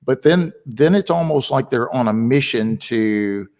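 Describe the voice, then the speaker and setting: A man hosting a webinar in casual conversation, chatty and telling stories with lively quoted voices. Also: medium pitch, unhurried. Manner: chatty, tells anecdotes with animated quoted voices. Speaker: webinar host.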